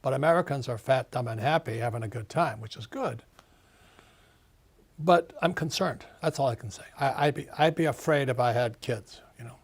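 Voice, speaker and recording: A man's voice: medium pitch, normal speed, breathy edge. A man in his seventies, an author and investor giving an interview, talking emphatically and repeating his points. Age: 70s. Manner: emphatic, ranting, repeats phrases. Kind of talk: casual interview talk.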